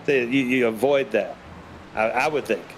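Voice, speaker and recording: A man's voice: medium pitch, normal speed, rough recording. A man calling play-by-play on a sim racing stream, joking and reading viewer chat aloud. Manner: joking, reads chat aloud, calls passes. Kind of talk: live race commentary with banter. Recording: stream audio with background noise.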